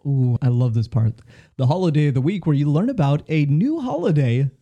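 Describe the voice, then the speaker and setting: A man's voice: fairly high pitch, very animated, brisk, mellow, highs cut off. A man co-hosting a comedy podcast, bantering playfully and in mock earnest. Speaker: podcast co-host.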